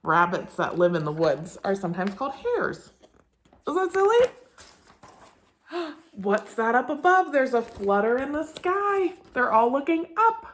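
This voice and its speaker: A woman's voice: fairly high pitch, very animated, normal speed, a bit bright, slight background noise. Young woman preschool teacher, sing-song storytime voice, upper register, full of praise. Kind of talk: talking to young children and reading a picture book aloud.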